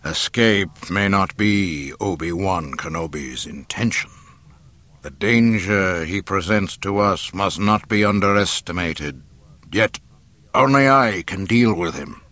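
A man doing a deep slow menacing dark lord. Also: expressive, full character voice. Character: cold menacing dark lord, male adult.

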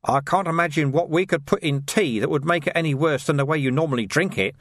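Man doing a cheerful, calm high-voiced monk. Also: quick pace, no echo, studio quality. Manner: cheerful, calm and gently teasing.

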